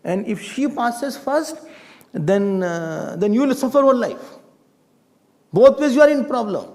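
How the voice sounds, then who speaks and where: A high, lively male voice, delivering a scripture talk as a swami. He keeps it playful and humorous, slipping into little acted dialogues. His pitch leaps and dips all through. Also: measured pace. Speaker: swami, spiritual teacher.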